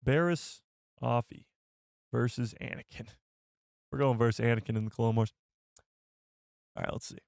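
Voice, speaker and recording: A young man chats his way through a live stream, reading out viewer comments and laughing at his own slips. His voice sits at an ordinary middle pitch, and the sound is dry and close to the mic. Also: normal speed, creaky, pauses often, a little mellow, no echo. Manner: chatty, reads viewer comments aloud, laughs at himself. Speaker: livestream host. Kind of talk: casual live chat.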